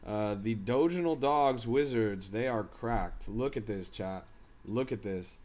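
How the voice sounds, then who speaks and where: A man's voice: fairly low pitch, unhurried, a little mellow. A man hosting a crypto live stream, giving hyped, slangy commentary and talking straight to his chat. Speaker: crypto livestream host.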